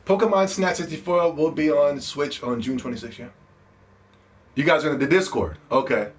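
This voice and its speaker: A young man hosting a live gaming stream, ranting casually and playfully with lots of swearing and bursts of shouting. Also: fairly high pitch, normal speed. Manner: animated, profane, playful shouting.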